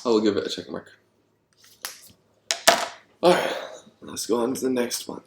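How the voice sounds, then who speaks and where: A man designing board games and thinking aloud, rambling and getting excited about his ideas, with many ums. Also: mid-range voice, moderate pace, gravelly, very noisy. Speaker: board game designer vlogger. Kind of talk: thinking aloud while brainstorming. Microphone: handheld camera. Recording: echoey room.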